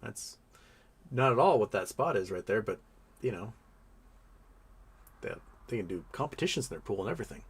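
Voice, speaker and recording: A man's voice: on the low side, lively intonation, normal speed, pauses often, slightly rough. Sarcastic rambling man hosting a live stream. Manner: rambling, sarcastic, many restarts and mock voices. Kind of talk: casual live-stream commentary.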